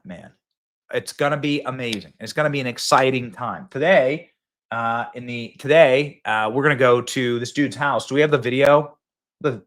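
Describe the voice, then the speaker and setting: A man's voice: mid-range voice, fairly bright tone. A man hosting a political commentary show, hyped and rallying, talking straight to his viewers. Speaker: show host.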